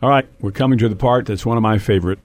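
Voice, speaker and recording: A man's voice: lowish voice, racing. Male host prompting his guest. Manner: leads the guest with short questions. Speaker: talk show host. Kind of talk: scripted show host prompts.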